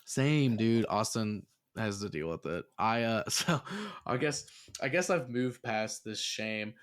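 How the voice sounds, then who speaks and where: A man in casual podcast chat, telling a rambling story. He swears freely and gets animated, sometimes laughing as he talks. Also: fairly low pitch, unhurried, clear, resonant tone. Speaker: podcast host.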